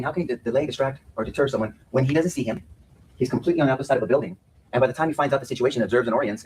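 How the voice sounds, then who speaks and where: A man's voice: medium pitch, darkish tone, breathy edge, poor audio. A man speaking as a defense attorney in a courtroom, giving an earnest opening statement to a jury and often repeating words as he restarts his sentences.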